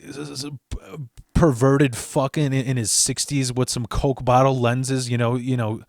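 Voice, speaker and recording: A man's voice: medium pitch, moderate pace, no echo, studio quality. A young man casually telling a personal story, swearing freely and acting out what others said. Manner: animated, profane, acts out quoted voices.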